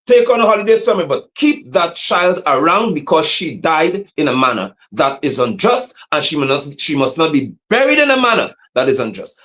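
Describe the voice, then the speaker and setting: A man giving impassioned livestream commentary as an activist, preaching and repeating slogans, sometimes shouting. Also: fairly high pitch, very animated, fairly quick, few pauses.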